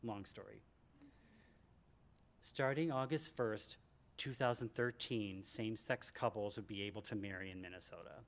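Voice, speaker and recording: A man in his sixties from Michigan, reading from his memoir to a live audience in a library event room, animated and joking. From Michigan, USA. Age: 60s. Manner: animated and joking, with big swings in pitch and loudness. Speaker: author at a book event.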